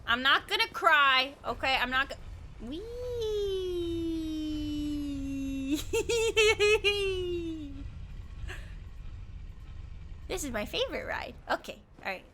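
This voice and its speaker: A giggly woman streamer talks through her game in a high, bright voice. Her pitch jumps all over as she chats and swears playfully. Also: very animated, brisk, few pauses, a little hiss or hum. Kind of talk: casual gaming commentary.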